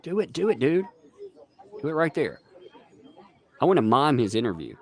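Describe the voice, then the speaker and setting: Animated joking male stream host. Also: mid-range voice, moderate pace. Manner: joking, animated, reads chat aloud. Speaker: livestream host. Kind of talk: casual live commentary.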